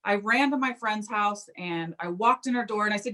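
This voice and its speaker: A woman's voice: medium pitch, a little slow, hardly any pauses. A woman, a psychic medium, telling a personal story in an interview and acting out the quoted speech. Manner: animated, acts out quoted speech.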